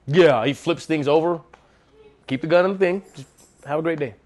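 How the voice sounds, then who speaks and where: Man, slightly high voice, laid-back church talk, slangy, animated, calls everyone bro. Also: moderate pace, long pauses. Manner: animated, acts out quotes. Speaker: lay speaker at a church gathering. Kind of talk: casual devotional talk.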